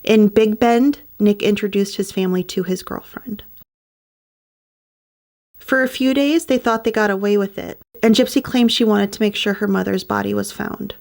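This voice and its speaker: A woman tells a true crime story in a relaxed, chatty voice with a gravelly edge, her pitch sitting in an ordinary middle range. She drops in wry side remarks between the facts. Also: moderate pace. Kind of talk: casual true crime narration.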